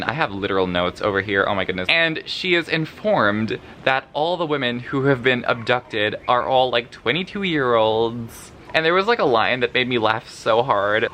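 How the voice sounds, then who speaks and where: Man, sleep-deprived book vlogger, bright voice, profane rambling, faint room noise. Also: medium pitch. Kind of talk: casual reading vlog.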